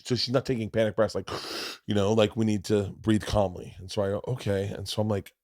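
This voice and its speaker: A middle-aged man hosting a podcast, telling a long story in a casual, profane way and swinging from loud to hushed. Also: fairly low pitch, fairly even intonation, fairly quick, no room sound, clean studio sound. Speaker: podcast host.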